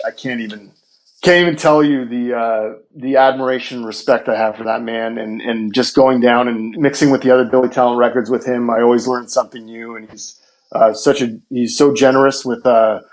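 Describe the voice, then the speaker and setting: A man's voice: medium pitch, low-quality recording. Man telling studio stories, swearing freely. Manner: animated anecdotes, acts out quoted dialogue, swears freely. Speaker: guest music producer and mix engineer. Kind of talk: casual storytelling in a podcast interview.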